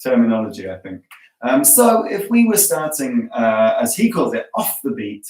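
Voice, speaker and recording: A man leading a guided drum practice lesson, chanting stickings and syllables aloud in a relaxed, encouraging, chatty way. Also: mid-range voice, normal speed, noisy background. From England. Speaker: drum teacher. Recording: roomy, distant sound with music behind. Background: metronome and drumming.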